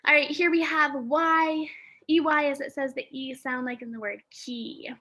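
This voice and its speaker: Her voice high-pitched, steady, pushed and bright, a woman works through phonics with young kids. She carefully enunciates each letter and word she sounds out, musing aloud with fillers and pauses.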